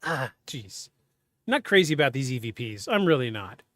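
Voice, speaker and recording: A man hosting a podcast, telling a personal story in a halting, candid, self-interrupting way. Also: medium pitch, big pitch swings, sharp tone, dry recording, clean studio sound. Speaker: podcast host. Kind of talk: casual storytelling.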